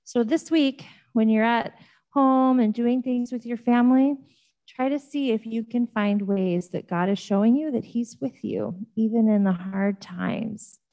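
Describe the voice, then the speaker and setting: A woman giving a gentle children's Bible lesson, asking the kids simple questions and reading a story aloud. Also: on the high side, a little slow, dull audio. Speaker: children's ministry teacher.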